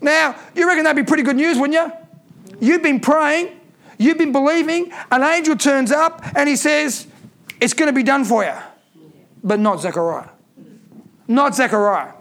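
A man preaching a sermon in a strikingly high voice. He drives his points home by repeating key lines with emphasis. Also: normal speed, gravelly, fairly bright tone.

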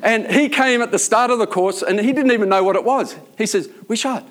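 Earnest rambling man, slightly high voice. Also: a little fast, a bit bright. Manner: earnest, rambling storyteller with many fillers. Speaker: prison chaplain. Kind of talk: informal faith talk.

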